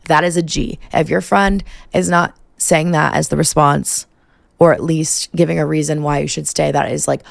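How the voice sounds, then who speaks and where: A woman's voice: sits low, fairly even intonation, normal speed, gravelly, dry recording, studio quality. A young woman hosting a podcast, telling a personal story in a chatty, profane way full of fillers. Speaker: podcast host. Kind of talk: casual storytime monologue.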